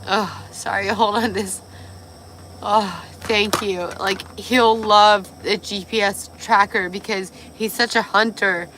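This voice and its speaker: A woman hosting a casual livestream, a little tipsy and hoarse, gushing and swearing as she reads viewer comments. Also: mid-range voice, steady tone, takes it slowly, background noise. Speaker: livestream host.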